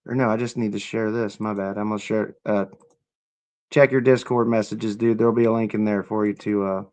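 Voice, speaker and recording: A man's voice: fairly low pitch, little pitch movement, brisk, darkish tone. Casual, profane male livestream host. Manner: loose, profane, chatty.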